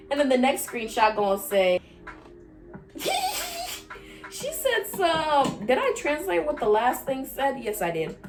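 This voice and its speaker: A young woman vlogger telling a casual storytime, acting out quoted lines with big jumps in pitch and dropping into quiet low asides. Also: very animated, slow, pauses often, music in the background.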